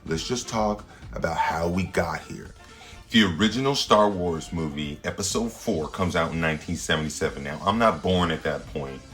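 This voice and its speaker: A man, a standup comedian hosting his own show, rambling through a slangy, playful comedic monologue with sudden loud jumps. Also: sits low, normal speed, soft background music.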